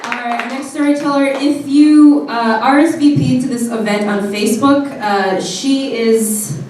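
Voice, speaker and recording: A woman's voice: high-pitched, steady tone, unhurried, darkish tone. Woman host, casual with fillers, distant mic, noisy echoing room. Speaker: event host. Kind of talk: introducing the next storyteller. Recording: echoey hall, far off, clear noise.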